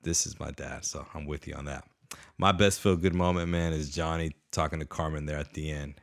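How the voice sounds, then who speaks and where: A man co-hosting a casual podcast chat, excitable and slangy, acting out his own reactions. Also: extremely low pitch, a little fast. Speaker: podcast co-host.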